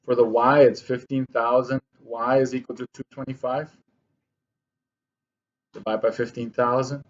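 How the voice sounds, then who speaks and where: A man's voice: mid-range voice, little pitch movement, unhurried, highs cut off. A man teaching a math lesson, explaining his work step by step to his students and correcting himself as he writes. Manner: talks to students while writing, with self-corrections. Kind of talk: classroom lesson walkthrough.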